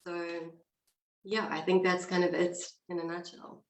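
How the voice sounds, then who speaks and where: Husky woman with a flu. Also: fairly low pitch, flat delivery, normal speed, roomy sound, dull audio. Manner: direct, chatty explanations. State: hoarse with flu. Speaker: couples coach. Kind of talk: online interview.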